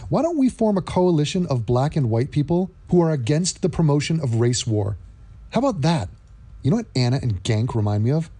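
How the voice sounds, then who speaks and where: Male vlog commentator, sarcastic and mocking, with an animated, warm voice. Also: on the high side, fairly quick.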